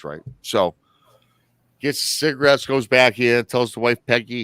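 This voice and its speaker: A man's voice: mid-range voice, a little slow, a bit bright, clear, resonant tone, no echo. A man from Michigan hosting a livestream, telling a story in a rambling, chatty way that often corrects itself. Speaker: host.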